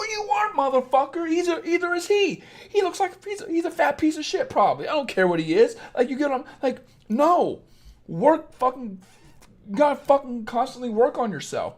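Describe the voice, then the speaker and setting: A young man with a Southern Illinois accent hosts a late-night livestream as a dating coach. He talks bluntly and harshly, swearing often. His pitch swings widely as he talks.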